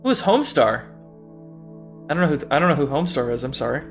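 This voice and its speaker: A young male streamer with a slightly higher-than-usual voice rambles through a game, chatty and loose. He swears freely and keeps mocking himself, laughing often as he talks to his chat. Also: big pitch swings, fast, faint music behind. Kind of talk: casual gaming livestream commentary.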